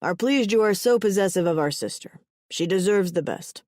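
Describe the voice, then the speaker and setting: A woman's voice: on the low side, fast talker, a little mellow, dry recording, studio quality, close to an everyday voice. A woman voicing a boisterous, hearty alien brother.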